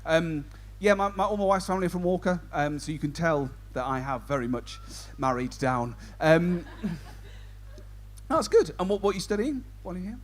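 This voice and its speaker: A man's voice: fairly high pitch, normal speed. A man compering a stand-up comedy show, doing cheeky banter with the audience. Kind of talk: crowd work stand-up.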